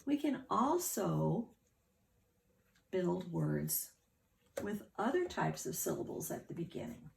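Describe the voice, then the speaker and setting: Woman teacher, slow and patient, gravelly voice, breaks words into syllables for young learners. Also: fairly low pitch, very animated, a little hiss or hum. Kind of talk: phonics lesson for children.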